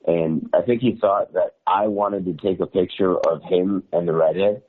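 A man with a low, steady voice speaks at a moderate pace as he calls into a show. He's a journalist guest spinning a casual, meandering story full of fillers and laughs, and the phone audio sounds tinny.

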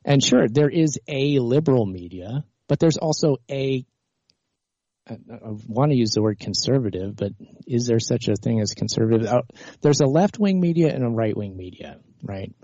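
A man's voice: medium pitch, animated, moderate pace, warm tone, no room sound. Man, livestream host, exasperated rant, many restarts, dull lo-fi sound. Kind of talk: heated political call-in argument, then rambling monologue.

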